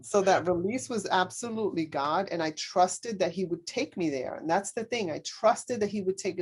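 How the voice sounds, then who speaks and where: Earnest woman telling her story haltingly. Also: fairly low pitch, expressive, husky. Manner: halting, with many fillers and restarts; earnest, speaks openly about faith. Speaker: podcast guest. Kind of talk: personal storytelling in an interview.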